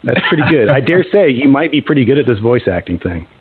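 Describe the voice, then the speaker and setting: A man's voice: mid-range voice, sing-song, fast talker, slightly rough, no room sound. A man co-hosting a call-in stream, hesitant, stammering and restarting his sentences. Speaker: stream co-host. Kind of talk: call-in chat on a live stream. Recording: tinny phone-like sound.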